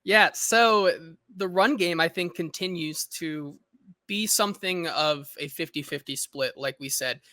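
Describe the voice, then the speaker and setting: Producer guy on a sports podcast, bright tense voice, talks it through steady, dry mic. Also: a little high, dry recording. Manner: steady, explanatory, frequent "you know" fillers. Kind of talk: casual sports analysis chat.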